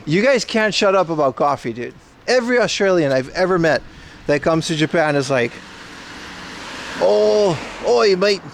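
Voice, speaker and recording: A man's voice: fairly high pitch, animated, fairly quick, slight background noise. A young man chatting casually and joking with his viewers on a livestream, recorded outdoors in a city. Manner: joking, banter with chat. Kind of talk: casual IRL stream chat.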